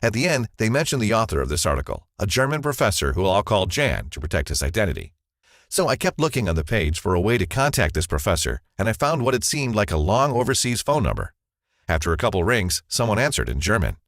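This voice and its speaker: A man's voice: on the low side, very animated, fast, fairly bright tone, no room sound, clean studio sound. A man narrating a scripted first-person advertisement as a confessional story.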